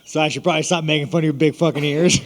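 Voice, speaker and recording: A man's voice: on the high side, steady tone, very fast, in a large hall, a little hiss or hum. An American man answering press questions in a casual, rambling, joking way, swearing constantly. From United States. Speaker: fighter at a media scrum. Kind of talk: casual media Q&A.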